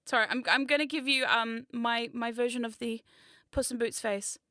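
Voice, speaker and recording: A woman's voice: on the high side, normal speed, sharp tone, dry recording, clean studio sound. A woman, chatting casually on a livestream as a VTuber, rambling, swearing and mocking herself with frequent laughs. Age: 30s. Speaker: VTuber streamer.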